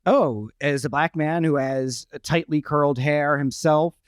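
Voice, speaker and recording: A man's voice: a little high, unhurried, dry recording. Man, podcast co-host, casual chat, musing, poses questions, dry close recording.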